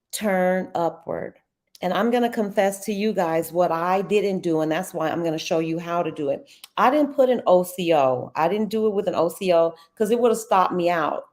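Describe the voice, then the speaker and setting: A middle-aged woman, hosting a casual live trading walkthrough, chatty and quick to laugh. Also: on the low side, a little mellow. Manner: chatty, laughs often, addresses viewers as y'all.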